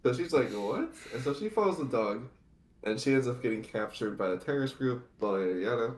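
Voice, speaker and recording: A man's voice: mid-range voice, lively intonation, quick pace, a little hiss or hum. A man co-hosting a casual anime podcast, recapping the plot in long rambling run-on sentences. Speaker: podcast co-host. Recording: echoey room.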